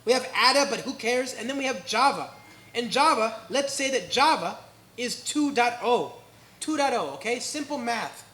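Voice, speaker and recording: A man with an American accent giving a live tech talk at a meetup, energetic and joking, often checking in with the crowd. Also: extremely high pitch, moderate pace, roomy sound. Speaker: conference speaker. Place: indoor meetup venue.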